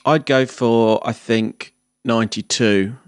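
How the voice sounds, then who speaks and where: A man, co-hosting a casual film podcast with dry, teasing remarks and halting fillers. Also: medium pitch, fairly even intonation, clear, resonant tone. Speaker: podcast co-host.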